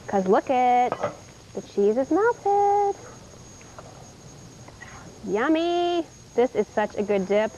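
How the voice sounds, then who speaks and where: A woman's voice: sits high, darkish tone, a little hiss or hum. A young woman from Indiana hosting a live TV shopping show, chatty and upbeat as she demonstrates cookware. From Indiana, USA. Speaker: home shopping host. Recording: dull 1990s TV broadcast tape.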